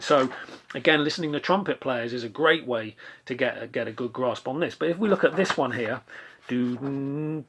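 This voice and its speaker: A male saxophone teacher giving a relaxed lesson, chatting casually and scat-singing rhythm syllables to demonstrate, with self-deprecating asides. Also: mid-range voice, slight background noise. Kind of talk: relaxed instructional talk.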